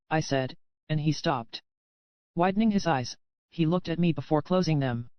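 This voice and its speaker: Smooth-voiced man narrating an audiobook. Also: a little high, moderate pace, no echo, muffled recording. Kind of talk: first-person scripted narration.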